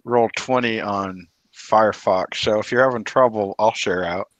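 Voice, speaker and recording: Low-voiced male player on a video call, dry asides, close dry sound. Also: moderate pace, a bit bright, no echo, low-quality recording. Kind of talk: casual chat at a game table.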